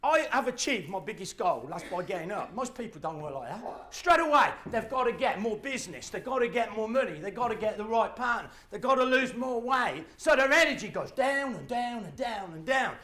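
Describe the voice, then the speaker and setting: Middle-aged guy giving a pep talk to a crowd, high and animated, bursts into shouts. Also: fairly quick, hardly any pauses. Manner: animated storytelling with acted-out voices and shouts. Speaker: motivational speaker. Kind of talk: live motivational talk to an audience.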